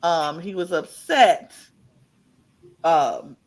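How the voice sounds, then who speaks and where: A man's voice: fairly high pitch, lively intonation, drawn-out words. A man co-hosting a podcast, recapping wrestling in casual chat with rambling, playfully sarcastic storytelling. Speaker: podcast co-host.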